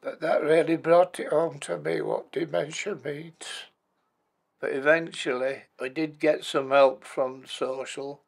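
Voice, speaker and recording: For a documentary, an octogenarian who lost his wife and once cared for her relates his life story without fuss. His gravelly voice sits on the high side with little pitch movement, and he keeps a measured pace.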